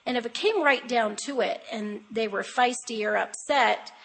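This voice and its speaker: At a women's conference, an older guest speaker with a slightly high, gravelly voice gives a conversational, sermon-like talk at normal speed. She addresses the women directly, chatty and emphatic, weaving in homespun stories about her own family. The recording is rough, with slight background noise.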